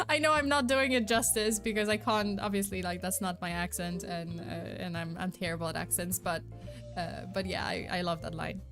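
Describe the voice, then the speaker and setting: Female streamer, mid-pitched, giggly and rambling, with faint music underneath. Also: moderate pace, a bit bright. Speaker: vtuber streamer host. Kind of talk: casual chat and scripted narration.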